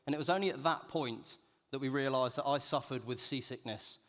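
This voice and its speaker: A man's voice: medium pitch, fairly quick, a bit bright. Self-mocking man on a conference stage. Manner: self-deprecating, joking delivery. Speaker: keynote speaker. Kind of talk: storytelling keynote talk. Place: large conference hall. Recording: echoey hall reverb.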